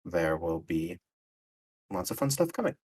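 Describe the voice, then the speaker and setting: A man who runs a tabletop game, chatting in a relaxed, teasing way at the end of a session. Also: low voice, a little slow, slightly rough. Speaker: game master. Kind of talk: casual chat after a tabletop game session. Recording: distant mic with music behind.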